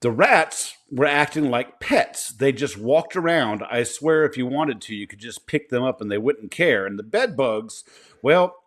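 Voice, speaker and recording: A man co-hosting a casual podcast, telling and reading pest control stories in a plain, profane way. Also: mid-range voice. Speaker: podcast co-host.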